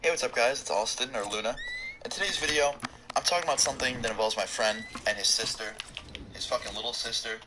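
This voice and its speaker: Young male vlogger, rapid profane storytelling, noisy recording. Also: medium pitch. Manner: profane, rambling, joking. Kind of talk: casual storytelling. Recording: clear background noise.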